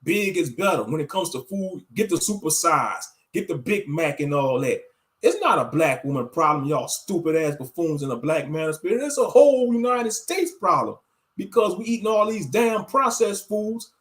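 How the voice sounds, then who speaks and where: A man's voice: fairly high pitch, lively intonation, moderate pace. A man in his thirties giving blunt, profane, rambling commentary on a casual livestream, talking straight to his viewers as family. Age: 30s. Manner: addresses viewers directly as family.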